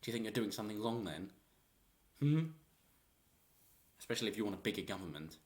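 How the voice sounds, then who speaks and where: A man's voice: fairly low pitch, animated, fast. A man giving rambling, opinionated political commentary in a vlog and chuckling often.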